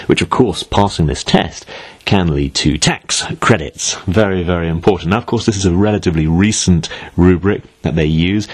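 Husky, deep-voiced British-born podcast man. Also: a little mellow. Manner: chatty and wry, musing aloud with asides. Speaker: podcast host. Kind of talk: solo podcast commentary.

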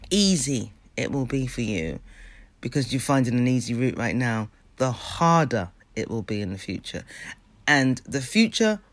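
A man's voice: medium pitch, dry recording. A man giving a motivational talk about habits and mindset, earnest and emphatic, repeating phrases and checking in with the listener.

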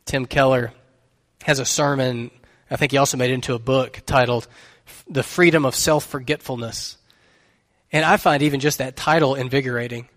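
A man's voice: mid-range voice, fairly even intonation, normal speed, fairly bright tone, long reverb tail. A man preaching a sermon as pastor, telling a story in an earnest, conversational way.

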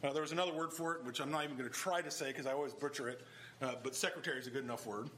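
A man's voice: mid-range voice, fairly even intonation, rapid-fire, a bit bright, slight background noise. A middle-aged male pastor preaching an expository sermon, talking conversationally and then rising into emphatic bursts.

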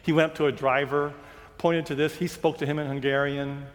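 A man's voice: fairly high pitch, flat delivery, a little fast, big-room sound. A male pastor giving a sermon, telling a personal travel story and acting out the reactions of the people in it. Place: church sanctuary.

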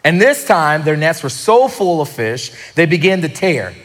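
High-pitched Southern preacher man, echoing hall. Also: normal speed. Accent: Southern American. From American South. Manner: animated, acts out scenes in quoted voices. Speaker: pastor. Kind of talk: sermon. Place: church sanctuary.

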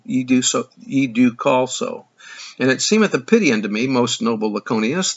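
A man's voice: medium pitch, gravelly, fairly bright tone. A man reading aloud as a condescending male robber chieftain, in a sarcastic, mock-polite tone. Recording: dull lo-fi recording.

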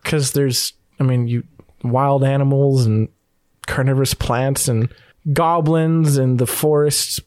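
A man's voice: mid-range voice, fairly even intonation, takes it slowly, a little mellow, no echo, clean studio sound. A man running a tabletop game as game master, narrating loosely with lots of fillers and restarts. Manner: rambling, filler-heavy narration.

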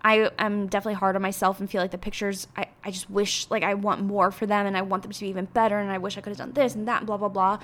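A young woman talks alone on her podcast in an easy, unscripted monologue. She rambles and gets emotional, leaning constantly on casual fillers. Her voice sits at an ordinary middle pitch for a woman. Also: flat delivery, quick pace, few pauses, a bit bright. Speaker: podcast host.

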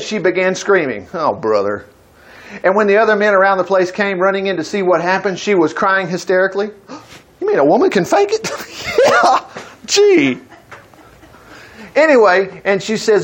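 A high-pitched man preaches from the Bible in a folksy, chatty manner. His voice leaps around a lot, and he keeps breaking off into exclaiming asides. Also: a bit bright.

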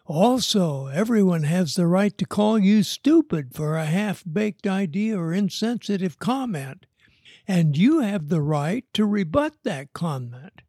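A man reading a story aloud in an unhurried, measured way. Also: high-pitched, expressive, mellow, husky, dry recording, clean studio sound. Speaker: narrator.

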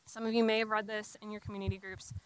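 A woman's voice: mid-range voice, little pitch movement, quick pace, clear, resonant tone, no echo, low-quality recording. A young adult woman giving an earnest, conversational sermon, with frequent restarts and casual fillers. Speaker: speaker giving a talk on faith and singleness.

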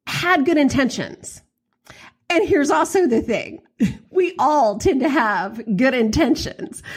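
A woman hosting a podcast, telling a story in a chatty, animated way with lots of fillers. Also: medium pitch, husky. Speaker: podcast host. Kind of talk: casual storytelling monologue.

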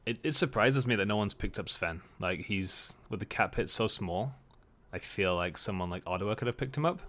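A man's voice: lowish voice, expressive, moderate pace, fairly bright tone. A man chatting on a sports podcast in a tentative, hedging way. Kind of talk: casual sports chat.

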